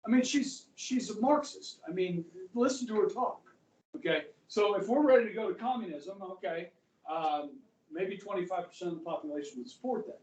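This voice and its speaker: This male history teacher's voice sits high and is a little mellow, moving at a normal speed. He rambles conversationally through a high school lecture and keeps checking in with the class, picked up from a distance in a reverberant classroom.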